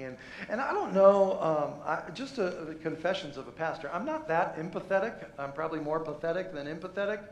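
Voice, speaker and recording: A pastor preaches in a high, light voice, mixing playful self-mockery with earnest scripture. His sermon is full of quick restarts and asides. The sound carries with a lot of room echo from the church.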